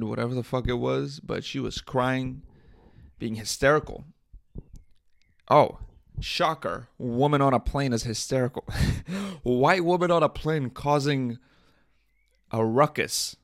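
A young man hosts his own podcast, talking off the cuff with crude, irreverent jokes. His voice carries a gravelly fry at mid pitch. The sound is dry and close to the mic. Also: a little slow, no room sound. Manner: joking, irreverent, swears a lot, laughs at own bits. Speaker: podcast host. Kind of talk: casual solo podcast rant.

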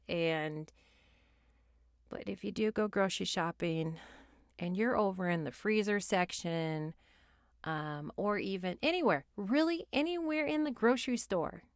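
A woman's voice: fairly low pitch, dry recording, clean studio sound. A woman hosting her own podcast, ranting with sass and exasperation and swearing freely, then recapping a reality show in casual talk with mumbled asides. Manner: animated, sassy, exasperated ranting with frequent swearing. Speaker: podcast host.

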